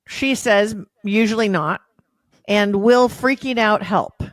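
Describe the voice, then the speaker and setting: A woman's voice: mid-range voice, slow pace, no room sound. A woman hosting a podcast, leading a thoughtful casual discussion. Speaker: podcast host. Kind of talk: casual chat.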